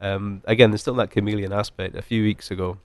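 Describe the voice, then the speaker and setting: Distiller with a light Scottish lilt, forties, talks fast and chatty, lower voice. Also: male voice, little pitch movement, darkish tone, no room sound. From Scotland. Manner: chatty, rambling with many fillers and restarts. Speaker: master distiller. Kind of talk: casual podcast interview.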